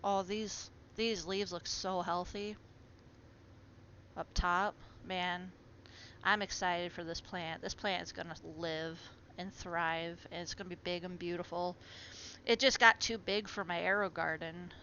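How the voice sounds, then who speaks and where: A bright, chatty woman talks away to her houseplants and her viewers. Her voice comes through dull and lo-fi. A faint hiss sits under it. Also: fairly low pitch, steady tone, measured pace. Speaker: live streamer. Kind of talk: casual live-stream chat. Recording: muffled lo-fi stream audio with faint noise.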